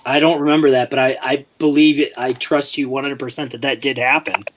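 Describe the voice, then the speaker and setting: Laughing along as he spins profane, wandering stories, a man co-hosts a podcast in casual conversation. He speaks fairly quickly in a medium-pitched, level voice, and the rough recording picks up faint background noise.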